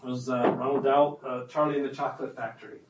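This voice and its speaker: A man's voice: mid-range voice, level tone, quick pace, distant mic, background noise. Man teaching parents in an echoey room. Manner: conversational, emphatic, checks in with "okay?". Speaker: parenting workshop presenter. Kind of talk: workshop talk to parents.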